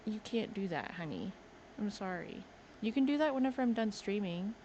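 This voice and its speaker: A woman's voice: mid-range voice, expressive, moderate pace, warm tone, muffled recording. Woman streaming from her desk, playful chatter, coos at her pet, faint hiss in the background. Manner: playful, doting baby talk to her pet. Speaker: game streamer. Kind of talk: casual live-stream chat. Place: home desk indoors. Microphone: desk microphone.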